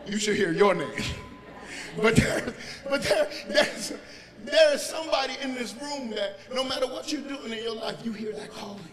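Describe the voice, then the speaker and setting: High-voiced preacher in an echoing church. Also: male voice, normal speed. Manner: animated storytelling, building to shouts. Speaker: pastor. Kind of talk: sermon. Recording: long church reverb, congregation heard.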